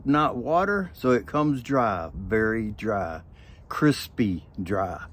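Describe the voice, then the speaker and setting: A man's voice: lowish voice, animated, takes it slowly, fairly bright tone. A man hosting a casual pipe tobacco review video, talking in a folksy, rambling way with joking asides.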